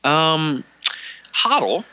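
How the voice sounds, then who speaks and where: A man's voice: a little high, very animated, drawn-out words, bright, forceful tone, clean tone, dull audio. A man co-hosting a podcast in casual chat, swearing freely and filling his talk with "like". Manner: loose, swearing, lots of "like" fillers. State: recovering from a cold, coughing. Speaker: podcast co-host.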